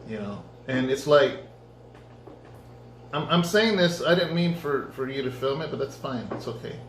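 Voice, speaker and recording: A man, a pastor, giving a conversational sermon testimony and acting out his own dialogue in lively storytelling. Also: medium pitch, moderate pace, a little hiss or hum. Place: church. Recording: echoey room.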